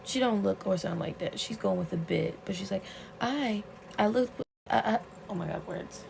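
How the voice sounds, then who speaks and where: A woman vlogger in a casual, excitable rant, retelling a webcomic plot with plenty of swearing and outbursts. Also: medium pitch, normal speed, gravelly, slight background noise. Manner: excitable and profane, storytelling with gasps and outbursts.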